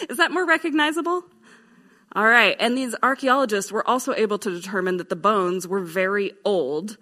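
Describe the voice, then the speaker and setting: A woman's voice: mid-range voice, sharp tone. A woman teaching a class of Bible teachers in a playful, lecturing way, laughing at her own drawings. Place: in front of a live class.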